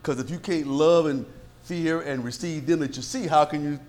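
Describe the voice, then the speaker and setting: A man's voice: a little high, steady tone, normal speed, darkish tone. A man preaching a sermon as pastor, firing rhetorical questions at the congregation.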